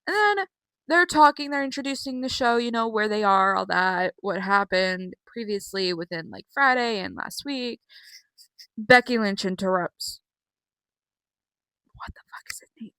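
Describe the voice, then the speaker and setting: A woman's voice: mid-range voice, moderate pace, sharp tone, no echo, rough recording. A young woman giving a casual, chatty wrestling recap at home, laughing and acting out quotes. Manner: chatty, giggly, acts out quotes. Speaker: vlogger.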